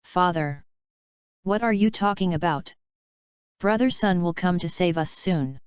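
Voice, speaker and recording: A woman's voice: on the low side, unhurried, clean tone, no room sound, dull audio, close to an everyday voice. A woman voicing a panicked young captive. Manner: panicked, pleading. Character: frightened young man, captive son. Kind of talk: audiobook reading.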